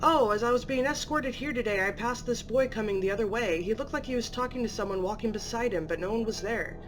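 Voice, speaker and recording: A woman voicing a gloomy, subdued anomalous being who speaks slowly and flatly. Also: a little high, soft background music, close to an everyday voice, rough recording. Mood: curious.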